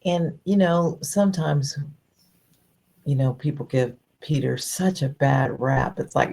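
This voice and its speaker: A woman with a very deep, gravelly voice muses thoughtfully in a casual faith podcast chat. She talks loosely, with many fillers. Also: measured pace, warm tone. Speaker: podcast co-host.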